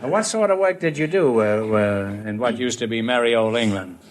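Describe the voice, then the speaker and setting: A man hosts a 1950s radio quiz with a wisecracking, teasing delivery. His voice sits at an ordinary middle pitch, and a faint hiss runs underneath it. He needles the contestants playfully between questions. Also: moderate pace. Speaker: quiz show host.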